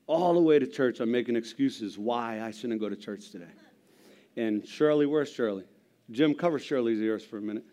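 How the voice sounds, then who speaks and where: A gruff middle-aged man stands before a church congregation, telling his testimony like a story. He mixes jokes with earnest conviction, his voice sitting at an ordinary pitch. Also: moderate pace, dark tone. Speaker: lay preacher giving testimony. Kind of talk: sermon testimony.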